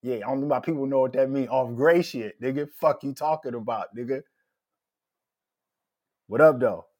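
A man's voice: medium pitch, moderate pace. A middle-aged man from Minnesota hosting a podcast, ranting casually with lots of profanity and heated outbursts. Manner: profane, heated, loud rants. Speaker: podcast host.

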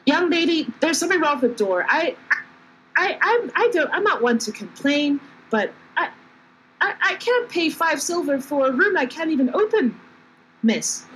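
A woman's voice: sits high, very animated, fairly quick, few pauses, slight background noise, pitched above the performer's own voice, rough recording. A woman voicing an oblivious female bard who stammers and stays overly polite. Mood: awkward politeness.

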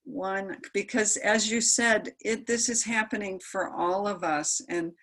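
A woman hosting a podcast interview, calm, affirming and gently encouraging. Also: mid-range voice, a little slow. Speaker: podcast host. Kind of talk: conversational interview.

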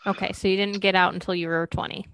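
A woman's voice: mid-range voice, flat delivery, a bit bright, clear, resonant tone, no room sound. Engaged woman host, dry sound. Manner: engaged, quick to laugh and react. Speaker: podcast host. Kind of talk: casual interview chat.

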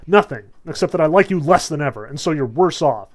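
A man's voice: mid-range voice, moderate pace, lightly acted. Man doing a pompous blustering king of the gods. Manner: pompous, threatening.

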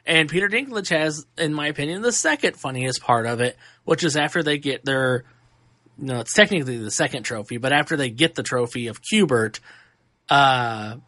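A man hosting a podcast, giving a casual and animated movie review full of fillers and restarts. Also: a little high, no room sound. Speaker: podcast host.

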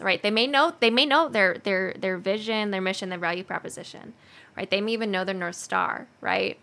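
A woman hosting a casual podcast chat, animated and chatty, with lots of likes and ums. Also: mid-range voice, a little fast. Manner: chatty and animated, many fillers. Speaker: podcast host.

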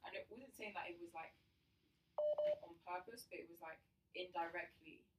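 A woman's voice: fairly low pitch, normal speed. Woman, student, casual group discussion, earnest, filler-heavy, echoey room, mic far off, noisy. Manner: earnest, reflective, many fillers.

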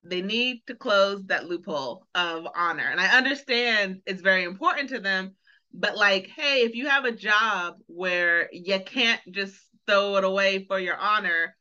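A woman co-hosting a casual podcast that reviews a TV episode, talking in an animated way and acting out characters' lines. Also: mid-range voice, measured pace, smooth. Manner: animated, acts out characters' lines, laughs often. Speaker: podcast co-host. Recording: dull lo-fi sound.

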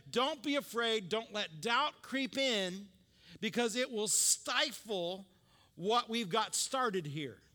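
A man's voice: sits high, sharp tone, long reverb tail. A man preaching a sermon as pastor, conversational and teaching, with joking asides and calls for the congregation to repeat after him.

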